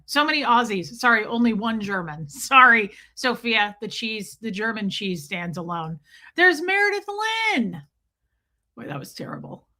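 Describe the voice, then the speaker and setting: A woman in her forties hosting a casual livestream, greeting viewers by name and joking with dark humor. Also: mid-range voice. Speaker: livestream host. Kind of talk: casual livestream chat reading viewer comments.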